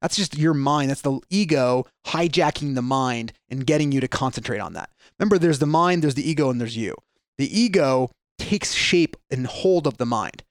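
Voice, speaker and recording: A man's voice: mid-range voice, animated, moderate pace, no room sound, clean studio sound. A man explaining ideas earnestly in a podcast conversation, with frequent restarts and fillers.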